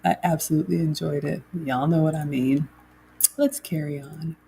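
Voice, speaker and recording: A woman's voice: deep voice, fairly even intonation, normal speed, vocal fry, mellow, slight background noise. A middle-aged woman hosts a chatty livestream and reads viewer comments aloud. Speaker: host. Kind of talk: casual livestream chat.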